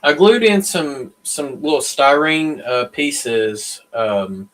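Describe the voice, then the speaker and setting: A man's voice: medium pitch, animated, slow, a bit bright, poor audio. A man explaining things casually on a video call, easygoing with many fillers. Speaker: guest. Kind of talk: casual chat.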